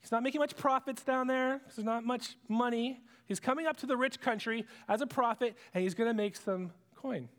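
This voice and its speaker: A male preacher retells a Bible story as a sermon in a high voice. He swings dramatically between hushed lows and excited peaks, and his voice trails off in the long reverb of a large hall. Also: a little fast, few pauses.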